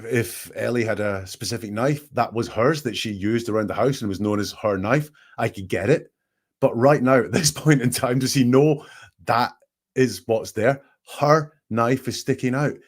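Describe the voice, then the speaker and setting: A man's voice: medium pitch, moderate pace. A man hosting, analyzing a recorded call with emphatic, questioning commentary. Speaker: statement analyst host.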